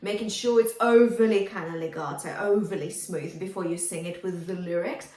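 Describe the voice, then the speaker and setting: A woman's voice: on the low side, steady tone, moderate pace, darkish tone. A woman vocal coach giving encouraging feedback on singing, now and then singing short phrases to demonstrate. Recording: roomy, from a distance.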